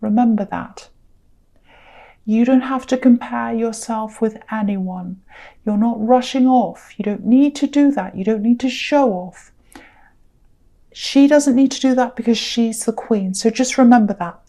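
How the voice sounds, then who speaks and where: A woman giving a solo tarot reading, gentle and reassuring, rambling with many fillers and restarts. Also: on the high side, measured pace. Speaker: tarot reader.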